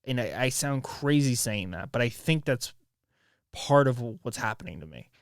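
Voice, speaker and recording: Twenty-something guy rambling on his own podcast, smooth clear voice, dry close mic, swears a lot. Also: mid-range voice, sing-song, moderate pace, no room sound. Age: 20s. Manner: rambling and raw, with restarts and swearing. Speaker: podcast host. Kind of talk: candid solo podcast monologue.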